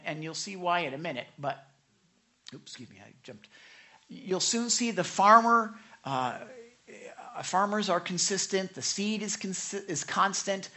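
A pastor preaching a conversational, animated sermon with frequent asides and self-corrections. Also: medium pitch.

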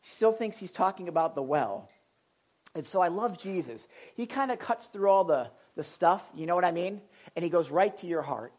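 A man's voice: high-pitched, lively intonation, moderate pace, darkish tone. A man preaching a sermon as pastor, impassioned and emphatic, driving points home with repetition.

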